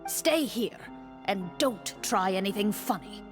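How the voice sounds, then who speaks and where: A woman voicing a composed female game master who narrates a court scene in a game, in a measured, formal way. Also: medium pitch, animated, music in the background, natural voice. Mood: narrating. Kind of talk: scripted narration.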